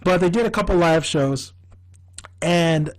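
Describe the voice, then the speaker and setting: Male vlogger with a high voice. Casual, excitable, profane fan-review delivery. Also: a little slow, low-quality recording. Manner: rambling and excitable, laughs often, swears freely. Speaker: TV show reviewer.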